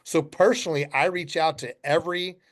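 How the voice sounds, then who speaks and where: A man's voice: a little high, steady tone, fairly quick. A middle-aged man, a company founder guesting on a podcast, telling blunt, folksy stories and acting out both sides of customer conversations with some swearing. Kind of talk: casual storytelling interview.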